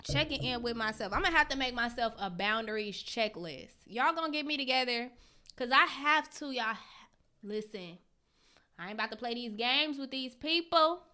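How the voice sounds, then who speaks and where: A woman's voice: fairly high pitch, lively intonation, moderate pace, pushed and bright. A young woman hosting a casual livestream, reading out viewers' comments and answering them in slangy, candid talk. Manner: slangy and candid, swears freely; talks straight to viewers, greets them by name. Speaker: host reading live chat comments.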